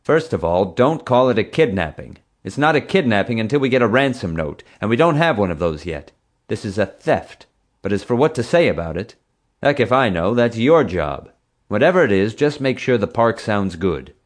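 A man's voice: on the low side, sing-song, moderate pace, pitched above the performer's own voice. A man reading an audiobook voices a stern, commanding female theme park boss who gives curt orders. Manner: curt, bossy, clipped orders.

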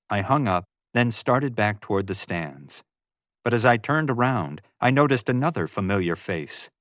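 A man's voice: on the low side, animated, moderate pace, fairly bright tone, no room sound. A man giving first-person audiobook narration in a wry, storytelling manner.

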